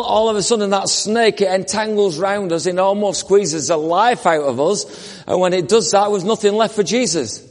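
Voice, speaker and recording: A man preaching a conversational, animated sermon that acts out the people in the story. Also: a little high, in a large hall.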